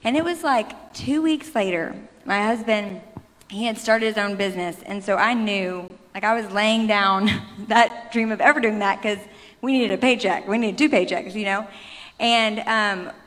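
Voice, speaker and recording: A woman's voice: medium pitch, normal speed, fairly bright tone. Heartfelt woman giving testimony, echoing hall. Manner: heartfelt, rambling, with many restarts. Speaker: panelist sharing testimony. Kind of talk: personal faith testimony on stage. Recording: long hall reverb.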